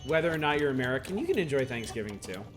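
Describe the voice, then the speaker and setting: Lively chatty man streaming a game. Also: mid-range voice, very fast. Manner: chatty, rambling, laughs often, greets chat by name. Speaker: streamer playing a video game. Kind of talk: casual live-stream chat with viewers. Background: game music.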